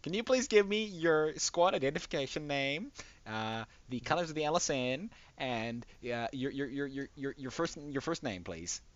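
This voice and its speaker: A man voicing a flustered male comms operator who asks slow, fussy questions. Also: on the high side, animated, dull audio, voice pushed up, lightly acted. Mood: fussy, confused.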